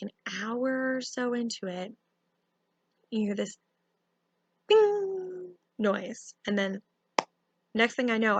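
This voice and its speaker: Casting: young woman vlogger, higher voice with vocal fry and husky edge, chatty storyteller, dry close recording. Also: dry recording. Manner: animated, lots of fillers like "like" and "um". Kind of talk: casual storytime.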